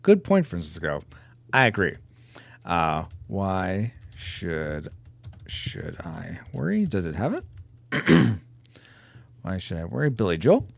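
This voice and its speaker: A man's voice: low voice, wildly swooping pitch, slow pace, vocal fry, pauses often, dry recording. A man live-streaming while drawing pixel art, chatting casually and joking about himself to his viewers. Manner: chatty, self-mocking, talks to chat.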